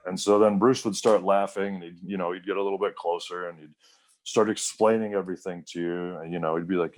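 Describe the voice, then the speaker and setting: A man's voice: low voice, fairly even intonation, a little fast. A man in his thirties, a wrestler guest, telling rambling stories in a casual interview, full of fillers and quoted voices.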